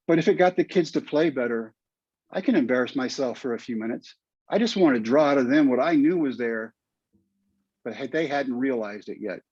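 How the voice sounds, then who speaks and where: A man's voice: mid-range voice, a little mellow, husky, no room sound. An older man with a Texan accent, a podcast guest telling a heartfelt story in an earnest, emotional way. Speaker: guest, former pitcher and teacher. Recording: dull, lo-fi, dry sound.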